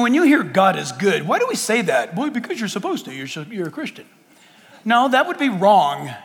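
A man's voice: high voice, in a large hall. A man preaching a sermon, telling stories and acting out back-and-forth conversations with God. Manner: animated storytelling, acting out dialogue with God.

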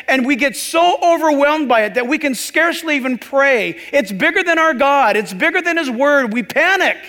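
A male pastor preaching a sermon with a very high voice. He is chatty and slips joking asides to the congregation. Long reverb rings through the hall. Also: pushed and bright.

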